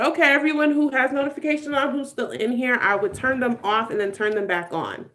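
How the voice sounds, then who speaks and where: A woman's voice: high-pitched, lively intonation, normal speed, few pauses, fairly bright tone. A woman in her twenties hosting a casual live stream, chatting with viewers in a playful way, laughing often and dropping slangy asides.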